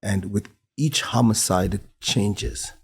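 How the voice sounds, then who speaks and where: A man hosting a podcast, asking a halting question and searching for his words. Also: on the low side, vocal fry, slightly rough. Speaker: podcast host. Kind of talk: interview questions.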